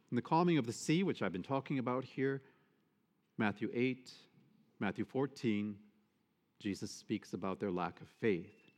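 A male priest giving a sermon, expressive and emphatic, often asking the congregation rhetorical questions. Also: on the low side. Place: church. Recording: long church reverb.

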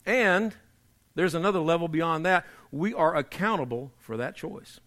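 Emphatic preaching man, mid-high voice. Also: animated, moderate pace. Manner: emphatic preaching, repeats key phrases, drops to quiet for emphasis. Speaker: pastor. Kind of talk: sermon.

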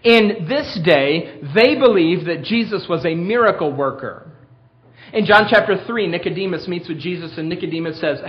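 A man's voice: high voice, lively intonation, normal speed. A man preaching a sermon, emphatic and full of rhetorical questions, stretching and speeding his words for emphasis, in a dull lo-fi recording.

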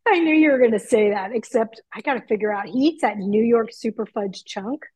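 A middle-aged woman chatting excitedly from her home kitchen over a video call, through earbuds. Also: a little high, fairly quick, slightly rough, no echo, low-quality recording. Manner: chatty, excitable, laughs easily. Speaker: guest.

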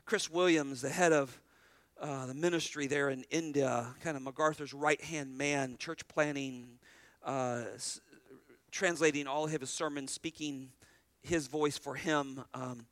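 A man preaching a sermon as pastor, animated, repeating phrases and restarting lines as he drives each point home. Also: medium pitch, measured pace, no echo.

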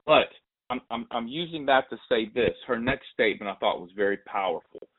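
A man hosting a sports podcast, telling a story in a lively, casual way and acting out the voices he quotes. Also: medium pitch, fairly quick. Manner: animated, acts out quoted voices. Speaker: podcast host. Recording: tinny phone-like audio.

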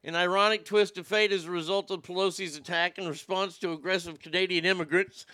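A man's voice: high-pitched, steady tone, brisk, pushed and bright, no echo. A man hosting a crude, sarcastic political commentary show, swearing and mocking as he reads the news. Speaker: show host.

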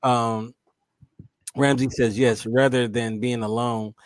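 Talk-show co-host, male, mid-pitched, halting delivery full of fillers, dry close sound. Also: little pitch movement, dry recording. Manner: halting, many fillers and restarts. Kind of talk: casual chat, reading viewer comments.

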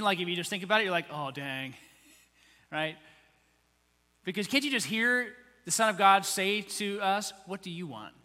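A man preaching a sermon in a conversational, animated way, acting out quotes as he teaches. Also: high-pitched, big-room sound. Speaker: pastor.

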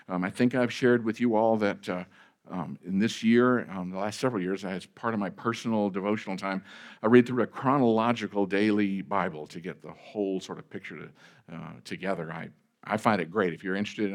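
A male pastor preaching a sermon in a conversational way, with fillers and restarts, stressing key phrases and letting sentence ends trail off quietly. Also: fairly low pitch.

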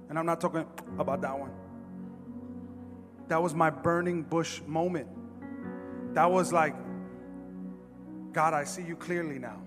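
A man preaching a sermon to a congregation in an animated, emphatic way, acting out the lines he quotes. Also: on the high side. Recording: long hall reverb with music behind.

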